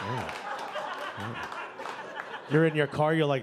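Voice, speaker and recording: A man's voice: a little high, animated, slow, a loud crowd, very noisy. A man with a New York area accent doing a wry, conversational stand-up set, often checking in with the audience. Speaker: stand-up comedian. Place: comedy club stage before a live audience. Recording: live club recording, loud audience laughter.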